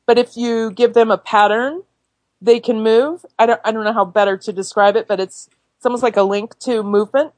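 A woman actor telling stories in a casual interview, animated and laughing easily, with many fillers and restarts. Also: fairly high pitch, a little fast, dry recording. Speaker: actor and filmmaker guest.

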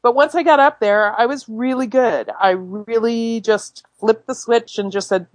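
Woman, actor, casual interview, animated storyteller, dry close sound. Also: on the high side, normal speed, hardly any pauses, no echo. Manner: animated storyteller, laughs easily, many fillers and restarts. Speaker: actor and filmmaker guest.

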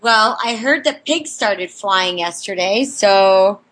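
A woman's voice: medium pitch, lively intonation, fairly bright tone, a little hiss or hum. A woman co-hosting a podcast, chatting casually and candidly, swearing freely. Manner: candid, swears, quick to laugh. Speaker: podcast co-host.

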